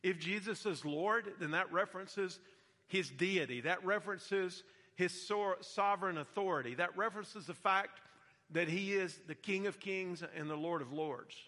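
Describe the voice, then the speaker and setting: Man, pastor, sermon, bright forceful tone, measured delivery. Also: sits high, long reverb tail. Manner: measured preaching, reading scripture aloud. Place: church hall.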